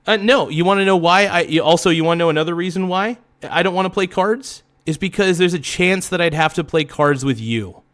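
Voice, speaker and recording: A man hosting a livestream delivers a heated, swearing monologue that circles back on itself. His voice sits a little high, and he stumbles into restarts and quick self-corrections. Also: fairly bright tone. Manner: heated, repetitive, swearing rant. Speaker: livestream host.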